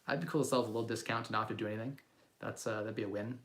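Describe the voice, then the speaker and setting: A man's voice: lowish voice, steady tone, rapid-fire, fairly bright tone. A man in his thirties from Canada, casually chatting on a livestream about investing and answering viewer questions in a loose, rambling way with frequent ums and restarts.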